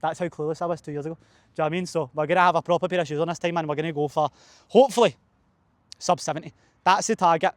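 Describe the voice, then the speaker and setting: A man's voice: a little high, very fast, no echo. A young man, a fitness coach, chatting casually and swearing a lot outdoors at a cold running track, out of breath after a session. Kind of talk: casual vlog chat.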